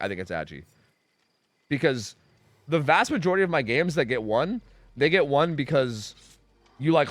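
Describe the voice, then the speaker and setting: Lively young man streaming a game. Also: medium pitch. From Pennsylvania, United States. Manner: rambling, filler-heavy, swears freely. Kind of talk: casual gameplay commentary.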